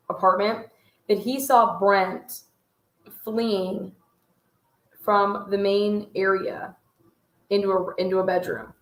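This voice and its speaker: Woman host, flat even delivery, analytical commentary, echoey room. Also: mid-range voice. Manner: analytical, pointing out details. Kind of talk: case commentary over footage.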